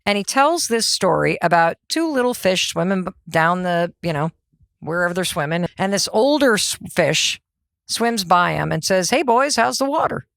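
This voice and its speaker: A middle-aged woman hosting a motivational podcast, talking in an energetic, conversational way and asking herself rhetorical questions. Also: fairly low pitch, normal speed, creaky, no echo, studio quality. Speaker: podcast host.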